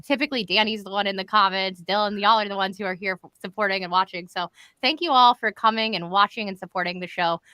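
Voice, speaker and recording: A woman's voice: medium pitch, fairly even intonation, fast, pushed and bright, no room sound. A woman hosting a live stream from home, chatty and upbeat, calling the viewers y'all. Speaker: host of a live show. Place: home in Florida.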